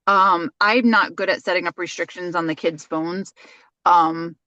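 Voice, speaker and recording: A woman's voice: lowish voice, steady tone, unhurried, pushed and bright, no echo, lo-fi sound. A woman in her forties co-hosting a podcast, telling stories in rambling casual chat with many restarts. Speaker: podcast co-host.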